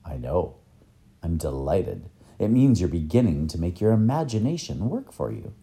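A man's voice: lowish voice, big pitch swings, a little fast, warm tone. A man voicing a kindly older male professor in a storybook, speaking in an encouraging, teacherly way.

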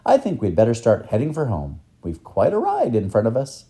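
A man's voice: mid-range voice, wildly swooping pitch, brisk, warm tone. A man voicing a kindly older male professor in a storybook, speaking in an encouraging, teacherly way.

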